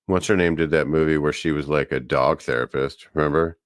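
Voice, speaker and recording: A man with an extremely low, deep voice, chatting loosely and rambling through a story. He's from the US Northeast and co-hosts a podcast. The sound is dry and close, with no room echo. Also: steady tone, brisk. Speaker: podcast co-host. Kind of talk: casual chat.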